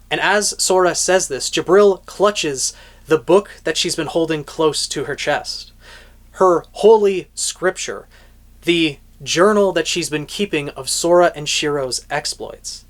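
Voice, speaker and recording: A light novel reviewer retells a chapter with dramatic storytelling. The voice sits at an ordinary middle pitch, and the telling is broken by relaxed asides to the viewer. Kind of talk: plot recap with commentary.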